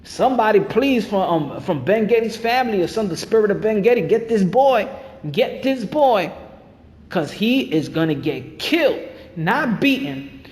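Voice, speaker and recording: A man's voice: high voice, animated, normal speed, in a large hall. A man hosting a boxing channel, ranting in fired-up, repetitive commentary.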